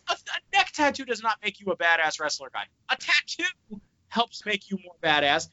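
A man hosting a casual podcast chat, talking in an animated way and swearing freely as he rants. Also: high voice, normal speed. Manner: animated, profane ranting. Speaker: podcast host. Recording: slightly dull lo-fi sound.

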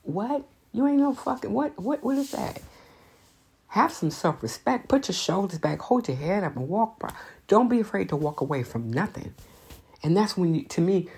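A woman speaks in a low register with a husky edge, delivering an unscripted monologue of blunt advice. Her talk is emphatic and laced with profanity, hammering each point home. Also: darkish tone.

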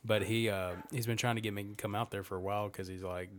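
A man with a slight Southern drawl talks in a deep, low voice. He's laid-back, swears freely and drops in quick replies, with a faint hiss behind him. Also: steady tone. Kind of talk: casual podcast chat.

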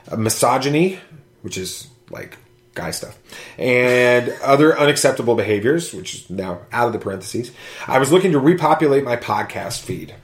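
A man's voice: medium pitch, roomy sound. A man hosting a casual podcast, reading listener reviews aloud with jokes and whoops. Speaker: podcast host.

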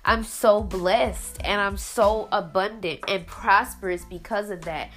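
A woman's voice: medium pitch, unhurried, fairly bright tone, soft background music. A young adult woman hosting a podcast, giving an emotional faith-based testimony in a teary, earnest voice with lots of "like". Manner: emotional, earnest, heavy use of "like". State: teary, sniffling. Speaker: podcast host.

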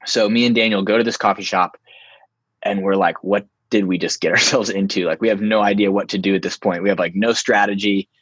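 A young man telling a story in a casual, animated way, full of "like" and restarts. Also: lowish voice, a little fast, slightly rough, no echo, highs cut off. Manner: animated, filler-heavy, lots of "like".

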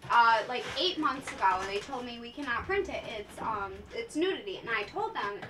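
Distant, bright woman in a roomy space. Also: fairly high pitch, animated, normal speed. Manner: blunt, crude. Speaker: podcast guest, painter. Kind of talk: casual chat.

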